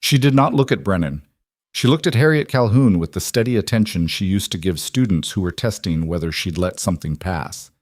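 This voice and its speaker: A man with a fairly low voice tells a frontier tale at a steady, measured storytelling pace. The audio is close-miked and dry, carrying no room sound at all.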